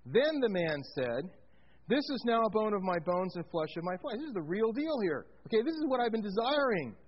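Here a high-pitched man talks fairly quickly, with the highs cut off and a slight hiss or hum. A pastor giving a sermon, he animatedly explains a Bible passage, questions the congregation, and works in jokes.

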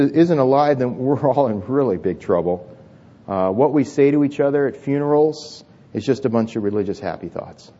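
High-voiced man preaching a sermon. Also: a little mellow, muffled recording. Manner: conversational preaching with many repeated words and restarts. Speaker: pastor. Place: church hall with congregation.

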